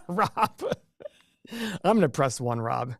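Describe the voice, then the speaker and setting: A man's voice: fairly high pitch, fairly quick, no echo, studio quality. A man hosting a casual investing livestream, chatting and joking with viewers and often restarting his sentences. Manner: chatty, jokey, self-interrupting. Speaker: livestream host.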